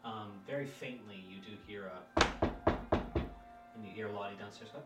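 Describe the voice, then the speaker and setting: A man narrating as game master of a tabletop game, relaxed, with many ums and uhs. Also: on the low side, moderate pace, long pauses, reverberant, recorded from a distance, over loud music.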